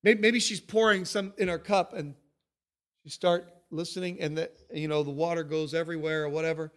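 A man preaching a sermon, emphatic and animated, stacking up repeated phrases as he tells the story. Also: on the high side, a little fast, clear, resonant tone. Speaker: pastor.

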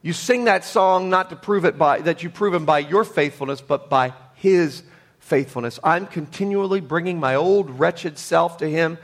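A male pastor delivers a sermon at a moderate pace. His preaching is emphatic, moving between loud, high-pitched declarations and hushed, low tones.

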